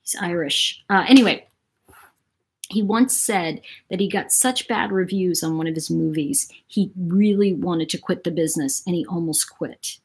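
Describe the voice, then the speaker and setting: A woman from New York City hosting a casual livestream, talking in a chatty, animated way and reading out viewer comments. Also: lowish voice, normal speed, breathy edge. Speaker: livestream host. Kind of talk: casual live-chat monologue.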